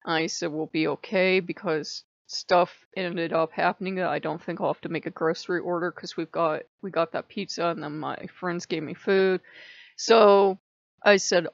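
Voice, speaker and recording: A woman's voice: lowish voice, vocal fry, no room sound. A woman vlogging in a rambling, chatty way, often laughing as she talks. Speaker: spiritual vlogger. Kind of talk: casual chat. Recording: dry, slightly muffled lo-fi.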